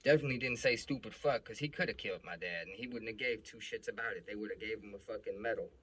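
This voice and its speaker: A man's voice: on the low side, fast, fairly bright tone, slightly rough. A young man casually telling a personal story, blunt and profane, with plenty of emotion.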